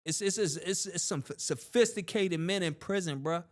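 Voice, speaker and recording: A man tells his stories as an interview guest, his speech thick with street slang and loose repetition. His voice sits a little higher than most men's, and he keeps things animated, swinging up and down as the story runs. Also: normal speed. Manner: street slang, animated, often repeats "bro" and "you know what I'm saying". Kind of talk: casual storytelling.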